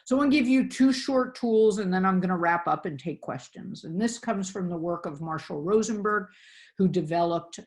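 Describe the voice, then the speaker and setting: Lady with a low gravelly voice coaching folks thru a wellness webinar, acts out the inner voices. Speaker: wellness presenter. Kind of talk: webinar presentation.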